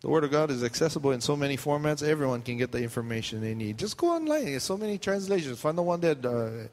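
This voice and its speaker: Joking pastor with a Hawaiian Pidgin accent. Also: male voice, a little high, big pitch swings, fast, a little mellow, in a large hall. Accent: Hawaiian Pidgin English. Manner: jokey, teasing banter with the crowd. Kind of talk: joking sermon to a congregation. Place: church hall.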